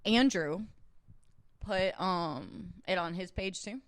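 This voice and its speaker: A woman in her twenties co-hosting a casual podcast, rambling with many fillers, quick to laugh and sleep deprived. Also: fairly low pitch. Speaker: podcast co-host. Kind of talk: casual chat.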